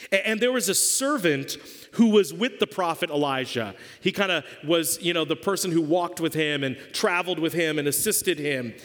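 Jokey high-voiced male pastor. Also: normal speed, fairly bright tone, long reverb tail. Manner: conversational and jokey. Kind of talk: sermon.

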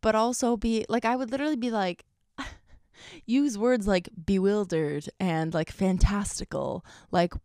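A woman's voice: medium pitch, a little slow, a little mellow, smooth, dry recording, clean studio sound. A young woman talking to camera in a casual vlog, chatty and self-deprecating, filling her sentences with "like.". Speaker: YouTuber.

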